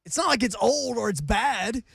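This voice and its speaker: A man co-hosting a sports radio show, cracking quick jokes in casual studio banter. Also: very high voice, lively intonation, vocal fry, a bit bright, slightly rough, dry recording. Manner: joking, quick asides.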